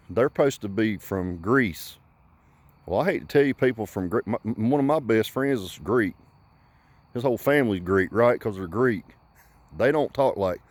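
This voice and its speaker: A man's voice: on the low side, darkish tone, no room sound. A man vlogging in a rambling comic rant, profane and folksy.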